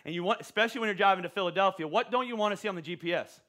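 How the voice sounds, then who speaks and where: A middle-aged man preaches with an animated, joking energy, tripping over repeated words as he goes. His voice sits high for a man and rings bright and forceful. He sounds like a pastor working a church crowd. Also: very fast. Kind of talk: sermon. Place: church auditorium.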